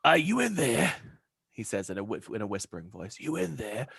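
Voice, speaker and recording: A man voicing a tiny, sneaky male demon familiar that talks in a hushed, twitchy whisper. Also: medium pitch, sing-song, brisk, vocal fry, slightly rough, no echo, full character voice. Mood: whispery.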